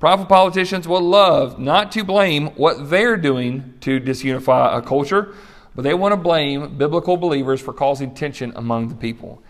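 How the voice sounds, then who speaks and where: A man's voice: on the high side, normal speed. A middle-aged man preaching a sermon as a pastor, conversational, with asides and light laughs.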